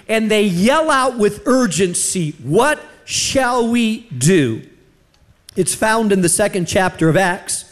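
A man preaching a sermon, telling a personal story and slowing down for emphasis. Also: high voice. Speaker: pastor.

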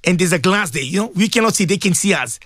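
A man preaching on the radio with a high, very animated voice that leaps between low solemn tones and sharp high exclamations. He repeats his points with fervent emphasis. The sound is dry and close. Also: fast talker, no room sound. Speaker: radio presenter giving Islamic advice. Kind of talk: impassioned radio sermon.

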